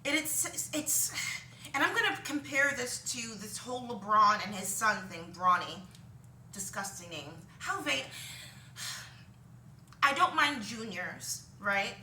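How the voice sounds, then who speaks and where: Rambling woman with a bright, roomy sound. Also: fairly high pitch, big pitch swings, slow, pauses often, a little hiss or hum. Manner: rambling, frequent ums, laughs at herself. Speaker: vlogger. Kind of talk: casual opinion monologue. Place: home room with laundry behind her. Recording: roomy, distant from the mic.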